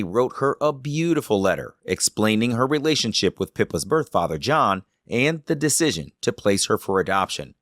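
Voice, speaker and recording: A man's voice: medium pitch, a bit bright, no room sound, clean studio sound. A man hosting a podcast, narrating the story and adding reflective comments. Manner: reflective, thoughtful. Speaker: podcast host.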